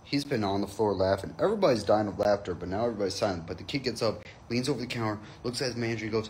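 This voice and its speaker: A man's voice: lowish voice, very fast, a bit bright, a little hiss or hum. A man telling a comic anecdote in a casual, profane way, jumping into quoted voices. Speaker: comedian telling a story.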